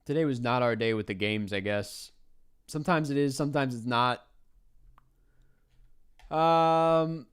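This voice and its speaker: A man hosting, thinking aloud and swearing softly as he plays a geography guessing game, into a close desk mic. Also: mid-range voice, measured pace, pauses often, clean tone. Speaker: podcast host playing a geography guessing game. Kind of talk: casual gameplay commentary.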